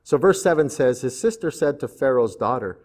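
A male pastor giving a sermon in an animated, conversational storytelling manner. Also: mid-range voice, moderate pace. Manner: animated, conversational, slips into character voices.

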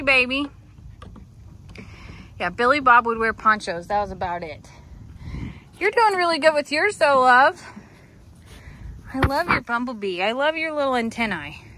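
A woman talks to her goats outdoors in affectionate baby talk, casual and chatty. Her voice is bright and sits a little high. Faint outdoor ambience and animal sounds drift behind her. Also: sing-song, measured pace, long pauses, slight background noise. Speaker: goat owner filming her goats. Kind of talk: casual vlog talking to animals.

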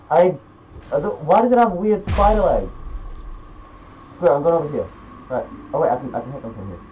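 Teen male gamer, slightly high voice, rants and shouts at his game over a desk mic with faint hiss. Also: brisk, pauses often, poor audio. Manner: excitable, swearing, yelling outbursts. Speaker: gaming YouTuber. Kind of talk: gameplay commentary.

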